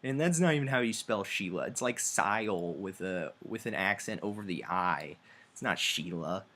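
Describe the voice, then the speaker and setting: A man's voice: deep voice, expressive, normal speed, fairly bright tone. A young man recapping a video game's plot in a loose, offhand way, full of fillers and crude asides. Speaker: video game reviewer. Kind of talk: casual rambling plot recap.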